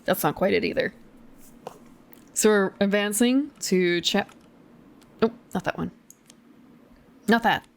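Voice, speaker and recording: A woman's voice: medium pitch, takes it slowly, long pauses. A young woman streamer reading a choose-your-path gamebook aloud, with chatty, giggly, self-deprecating asides.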